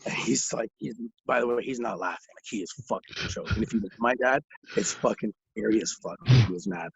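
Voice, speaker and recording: A man's voice: lowish voice, a little fast, creaky, husky, no echo, low-quality recording. A young man telling rambling stories in casual chat, laughing through them and swearing a lot. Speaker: guest.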